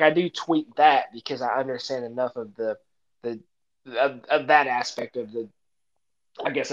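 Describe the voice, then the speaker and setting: An American man co-hosting a podcast, talking in an easygoing, self-deprecating way with halting restarts. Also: mid-range voice, highs cut off. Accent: American English. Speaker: podcast co-host. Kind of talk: casual chat.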